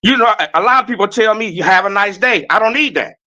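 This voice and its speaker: A man calling in to a talk show, telling stories in a loud, blunt, preachy way. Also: sits high, animated, fast, muffled recording. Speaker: caller. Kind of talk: casual talk-show call.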